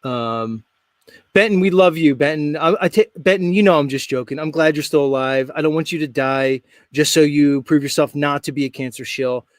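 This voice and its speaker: A man's voice: on the high side, moderate pace, dry recording, studio quality. A man hosting a live stream show, talking in a brash, joking, rambling way. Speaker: host. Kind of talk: casual live stream chat.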